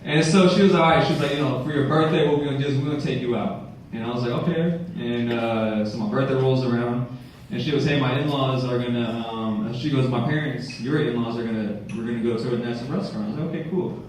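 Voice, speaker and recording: Male stand-up comic, animated storyteller, distant mic in an echoey room with a faint hiss. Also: fast. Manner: animated storytelling, acts out quotes with sudden high-pitched outbursts. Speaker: stand-up comedian. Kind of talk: stand-up routine. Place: comedy club stage. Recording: echoey club sound from a far mic.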